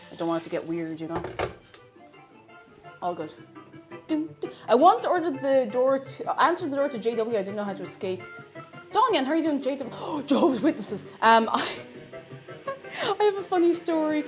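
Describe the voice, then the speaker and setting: A young Irish woman hosting a baking livestream from her home kitchen, chatting and rambling through stories with frequent laughs. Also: medium pitch. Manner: chatty, rambling storyteller who laughs often. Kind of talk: casual chat while baking.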